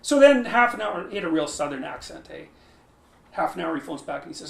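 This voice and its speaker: A man's voice: on the high side, big pitch swings, fairly quick, gravelly. A man lecturing who often restarts his phrases, thinks aloud and stresses key words. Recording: roomy echo.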